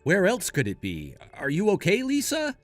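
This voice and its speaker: A man's voice: sits high, wildly swooping pitch, normal speed, no room sound, soft background music. Man playing a glib cheating husband. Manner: glib, then pleading. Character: lying cheating husband, smooth and evasive.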